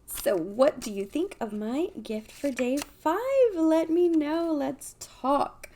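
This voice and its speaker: A middle-aged woman vlogging to camera in a casual, rambling way, with a gravelly edge to her voice. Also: high-pitched, warm tone, slight background noise. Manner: chatty, rambling, quick bursts of laughter. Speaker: vlogger, tarot reader.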